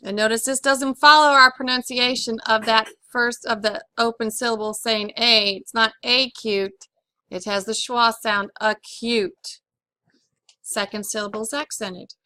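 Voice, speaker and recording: A woman teaching a phonics lesson, spelling out letters one by one in a slow, deliberate way and clearing her throat now and then. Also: fairly high pitch, steady tone, bright, forceful tone, no echo. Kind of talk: classroom lesson on syllable accent.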